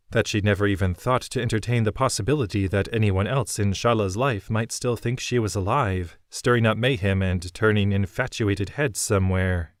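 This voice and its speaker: A man narrating a fantasy novel in an even, measured way. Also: fairly low pitch, dry recording, clean studio sound. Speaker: audiobook narrator.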